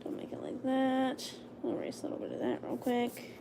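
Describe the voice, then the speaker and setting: A young woman chats casually to her stream while she draws, narrating every stroke and now and then dropping to a hushed whisper. Her voice has a gravelly edge and swings up and down in pitch. The home recording carries a steady layer of noise. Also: normal speed. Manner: chatty, talks herself through each step, drops to a hushed whisper at times. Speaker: livestreamer. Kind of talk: casual livestream chat while drawing.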